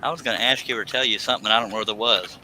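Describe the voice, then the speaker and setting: A man's voice: on the low side, racing, bright, forceful tone, slight background noise, rough recording. A man hosting a live stream from his workshop, joking and affectionate in casual chat.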